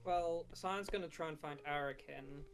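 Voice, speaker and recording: A man playing in a tabletop game, speaking in a relaxed, friendly way. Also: fairly high pitch, normal speed, vocal fry, smooth. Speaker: player. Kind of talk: casual chat in a tabletop game.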